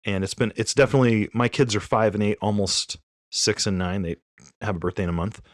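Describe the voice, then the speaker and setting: A man in his thirties chatting on a podcast, telling an animated, rambling story and correcting himself as he goes. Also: lowish voice, a little fast, no echo, studio quality. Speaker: podcast co-host. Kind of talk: casual chat.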